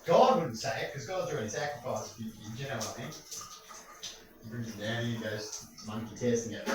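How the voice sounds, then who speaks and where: A man's voice: fairly high pitch, very animated, normal speed, over music. A man ranting in a rambling monologue, crude and full of rhetorical questions. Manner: crude, rambling, keeps asking "right?". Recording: echoey room, far from mic.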